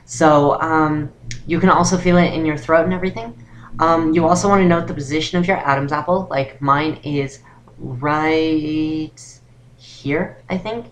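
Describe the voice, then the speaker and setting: Young woman, lowish voice, casual rambling vlog-tutorial delivery. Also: unhurried, slight background noise. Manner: rambling, full of "um" and "actually". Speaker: voice training vlogger.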